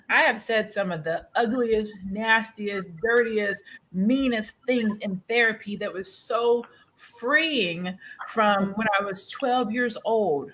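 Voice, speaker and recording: A woman's voice: on the high side, a bit bright. A woman on a panel who speaks emphatically and thoughtfully. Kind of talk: panel discussion.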